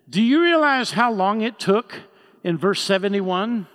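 A male pastor preaching a sermon, telling a story with lively acted-out dialogue. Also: high-pitched, measured pace, big-room sound. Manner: animated storytelling, acts out the characters' lines.

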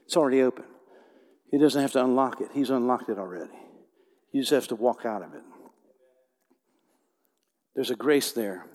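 A man preaching a sermon in a church, swinging from hushed, tender lines to loud, emphatic bursts. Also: mid-range voice. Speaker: pastor. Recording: long hall reverb.

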